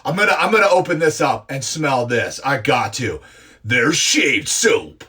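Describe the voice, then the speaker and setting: A man in his forties chatting excitedly through an impromptu live unboxing, gushing and talking with many fillers. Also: mid-range voice, measured pace, husky. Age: 40s. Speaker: live streamer unboxing grooming products.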